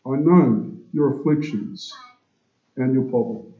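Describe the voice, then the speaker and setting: A man preaching a sermon to his congregation, slow and emphatic, asking rhetorical questions. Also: mid-range voice. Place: church. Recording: echoey, dull church recording.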